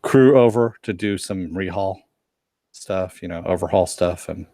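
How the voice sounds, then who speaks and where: Low-voiced man rambling through a story. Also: unhurried, mellow, dry recording, studio quality. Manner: rambling storyteller with frequent restarts, joking and self-mocking. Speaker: podcast co-host reporting on a convention. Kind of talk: casual live-stream chat.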